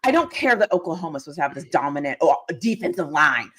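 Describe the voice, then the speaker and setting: A woman co-hosting a live sports stream, ranting with excitement and emphasis. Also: low-pitched, fast, slightly rough. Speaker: guest co-host.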